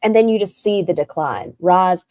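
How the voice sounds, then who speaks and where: A woman's voice: on the low side, expressive, normal speed, a little mellow, no room sound. A woman hosting a reaction stream, commenting in a dry, mocking way.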